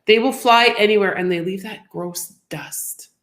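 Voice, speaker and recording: Middle-aged woman chatting on a morning livestream, reading comments out, relaxed. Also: mid-range voice, a little slow. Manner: reads viewer comments aloud, chatty. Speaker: co-host of a livestream show. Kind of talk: casual chat.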